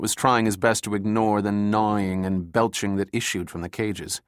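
A man reading an audiobook in a steady, measured narration. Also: on the low side, clear, resonant tone, no room sound, studio quality.

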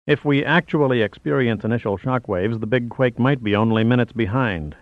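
Man reading gloomy bearded seismologist, hesitant, low-key, slightly muffled. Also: fairly quick, no echo, close to an everyday voice. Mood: worried. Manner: dismal, hesitant.

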